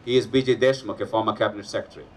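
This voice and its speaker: A man's voice: fairly low pitch, steady tone, racing, a little hiss or hum. Distant man giving a speech. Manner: anecdotal, earnest, persuasive. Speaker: rally speaker. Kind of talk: public speech with storytelling. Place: public rally gathering. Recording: distant mic with faint ambience.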